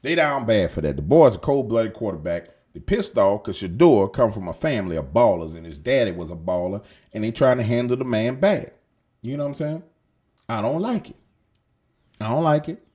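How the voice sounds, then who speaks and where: A man's voice: on the low side, animated, moderate pace, a little mellow, breathy edge. A man hosting casual news commentary, slangy and emphatic, swearing and repeating himself as he rambles. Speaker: show host.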